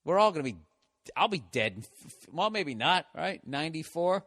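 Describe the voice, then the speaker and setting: A man's voice: fairly high pitch, big pitch swings, normal speed, fairly bright tone. A male comedian in a profane, exasperated comedic rant.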